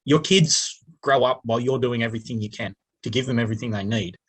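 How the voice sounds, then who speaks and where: A man's voice: mid-range voice, fast, slightly rough. A man in his forties, a podcast guest who talks in a reflective, earnest way with a lot of fillers. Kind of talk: casual podcast interview.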